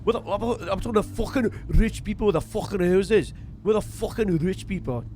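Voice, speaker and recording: A man's voice: sits high, a little fast, a little hiss or hum. A man voicing a drunk, lost, foul-mouthed British man who rambles and swears constantly in a game role-play. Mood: drunken rant.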